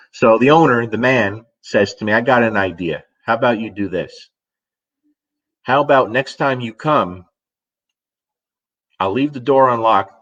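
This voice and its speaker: A middle-aged man, a dog trainer, casually telling a story and answering viewer questions, animated and swearing now and then. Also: medium pitch, lo-fi sound. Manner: animated storyteller, swears casually, acts out his own reactions.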